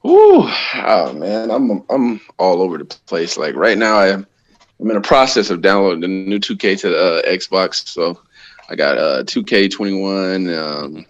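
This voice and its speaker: A man's voice: low voice, very animated, a little slow, no room sound, muffled recording. A man guesting on a podcast as a pro wrestler, talking in a laid-back, easygoing way with frequent laughs. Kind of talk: casual chat.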